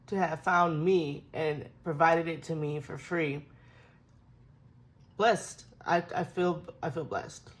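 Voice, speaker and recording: A young woman with a low voice talks her way through a planner flip-through. She rambles and laughs often, and turns emotional as she goes. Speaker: planner vlogger.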